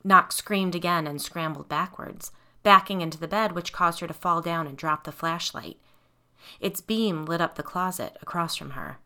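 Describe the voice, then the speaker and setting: A woman narrating a horror novel in a steady, even reading voice. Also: on the low side, moderate pace. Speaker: audiobook narrator.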